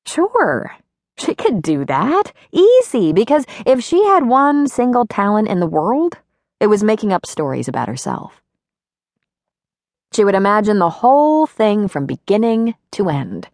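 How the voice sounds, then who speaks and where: A woman narrating an audiobook in an expressive, wry storytelling manner. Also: mid-range voice, moderate pace, no room sound, studio quality. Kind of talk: scripted narration.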